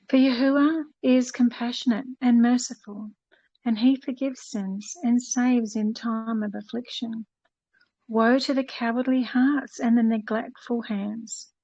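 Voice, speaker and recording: A woman reading scripture aloud and chatting gently in an online fellowship. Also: fairly high pitch, dry recording, highs cut off. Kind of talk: slow devotional reading, then casual chat.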